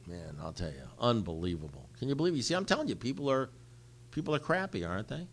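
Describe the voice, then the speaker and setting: A man's voice: mid-range voice, very animated, fast talker. An older man telling a personal recovery story to a group, speaking bluntly and conversationally and repeating phrases for emphasis.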